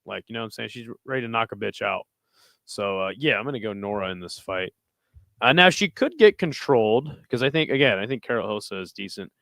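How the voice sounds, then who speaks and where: A man's voice: on the low side, animated, fairly quick, vocal fry, sharp tone, dry recording. A man hosting a casual livestream of fight picks, reading live chat and talking in a loose, rambling, profane way.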